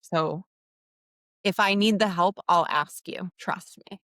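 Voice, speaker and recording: Frank, low-voiced woman podcast host. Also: takes it slowly, no room sound, studio quality. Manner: frank and expressive, acts out quoted exchanges. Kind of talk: candid conversational interview.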